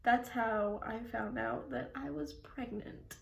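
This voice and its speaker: A woman's voice: medium pitch, expressive, takes it slowly, creaky. A young woman vlogging at home, telling a story casually in a rambling way, full of "like" and laughing often. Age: young adult. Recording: echoey room.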